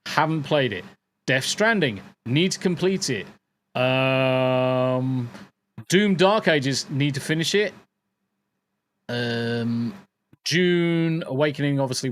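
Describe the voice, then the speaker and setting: A man hosting a casual podcast, rambling through his backlog and swearing freely, with an air conditioner crackling behind him. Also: on the high side. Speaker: podcast host. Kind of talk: casual chat.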